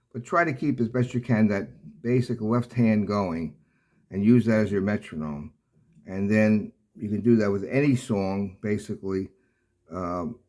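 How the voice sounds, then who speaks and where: An older man teaching piano in a casual, rambling way, halting often with fillers and restarts. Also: fairly low pitch. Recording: loud piano playing throughout.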